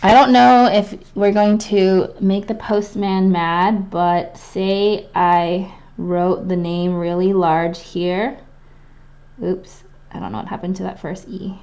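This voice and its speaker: Woman, calligraphy teacher, live lesson, slow easy pace, thinks aloud with fillers while writing. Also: mid-range voice, flat delivery, darkish tone, smooth, highs cut off. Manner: chatty and thinking aloud, many fillers and restarts. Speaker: calligraphy instructor.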